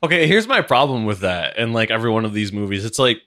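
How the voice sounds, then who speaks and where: A man in casual conversation about a film, riffing and arguing points with animated energy. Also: on the low side, quick pace. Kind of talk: casual movie discussion.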